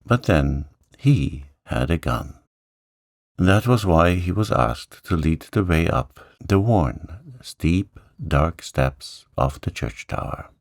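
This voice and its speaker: A man reading a storybook aloud in a calm, gentle sleep-story manner. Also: dry recording, studio quality. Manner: gentle, slow, lifts pitch for characters' lines.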